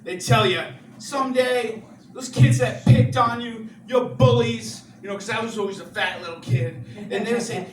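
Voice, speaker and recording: A young man doing stand-up and crowd work, chatty, with many "you know"s and animated rants. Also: extremely high pitch, normal speed, background noise. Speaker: stand-up comedian. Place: comedy club. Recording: echoey club from far off, loud crowd laughter.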